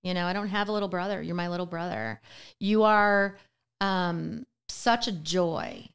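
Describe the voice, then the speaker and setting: A woman guest on a podcast, a business and life coach, talking earnestly in a casual interview, slow and deliberate with many fillers. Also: on the low side, a bit bright, clean tone. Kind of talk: casual heartfelt interview chat.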